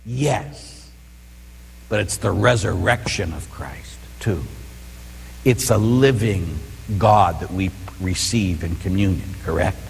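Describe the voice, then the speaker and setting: A man's voice: low-pitched, unhurried, gravelly, a little hiss or hum. A man, a priest, giving a conversational teaching sermon in a church and often asking whether the listeners follow. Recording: long reverb in a large room.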